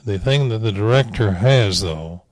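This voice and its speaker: This is an older veteran animation director telling anecdotal stories in a rambling, wryly humorous way, with many fillers and restarts. He has a lowish voice with lively intonation and speaks at normal speed. The audio is poor, with no echo.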